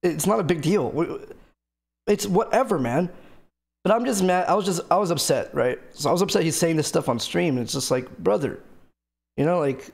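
A male streamer talks straight to his live chat in a loose, rambling way, piling on fillers and swearing as he vents. His voice sits a bit high with a rough, gravelly fry running through it. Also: lively intonation, moderate pace, a little mellow. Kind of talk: casual chat to stream viewers.

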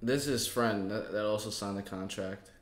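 A man's voice: on the low side, fairly even intonation, normal speed, roomy sound. A man reacting to a clip in casual commentary, talking straight to his viewers. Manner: chatty, talks straight to viewers. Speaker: reaction video host.

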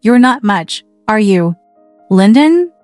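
Brief: woman reader voicing a young girl, impulsive and warm-hearted, earnest delivery, soft music behind. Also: medium pitch, big pitch swings, dry recording. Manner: earnest, quick to anger.

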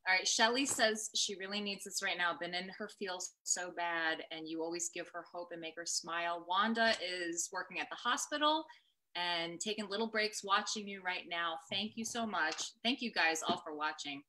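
A woman host on a video call, reading out viewer messages in a steady, bright voice that sits a bit low for a woman. Her tone is clear and forward. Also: normal speed, rough recording. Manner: steady, relays viewer comments. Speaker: radio host. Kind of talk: interview hosting, reading fan messages.

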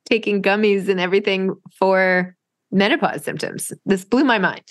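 A middle-aged woman hosting an interview, chatty and quick with asides, laughing easily. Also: medium pitch, steady tone, no room sound, clean studio sound. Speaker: podcast host. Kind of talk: conversational interview.

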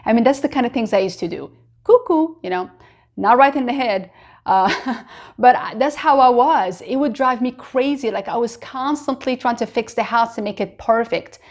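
Earnest woman vlogger, slightly high voice. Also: moderate pace. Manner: earnest and encouraging, many "you know" fillers. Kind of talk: encouraging faith-based self-help talk.

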